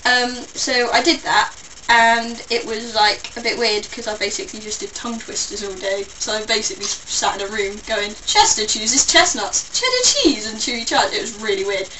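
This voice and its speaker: A woman's voice: medium pitch, flat delivery, fairly quick, bright, forceful tone, far from the mic, a little hiss or hum, low-quality recording. A young English woman with a mixed London and Somerset accent, rambling through a casual vlog with playful, self-mocking asides. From England. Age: young adult. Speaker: vlogger.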